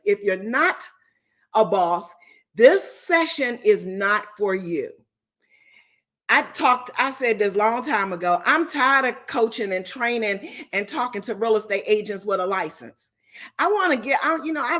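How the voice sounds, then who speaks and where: A woman hosting a live-streamed business coaching session, talking in an energetic, unfiltered call-and-response way. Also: fairly high pitch. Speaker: business and success coach, host.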